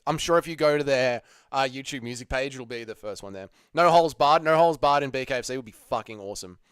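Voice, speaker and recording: An Australian man hosting a livestream, hungover and low on energy, chatting casually, swearing, and reading viewer messages. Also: fast, fairly bright tone, clean tone, no echo, clean studio sound. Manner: laid-back, sweary, laughs easily. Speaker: livestream host.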